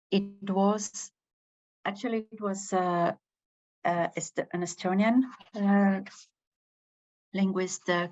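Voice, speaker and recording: A woman giving a university lecture, hesitant, with many pauses and fillers. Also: fairly low pitch, darkish tone. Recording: dull lo-fi recording.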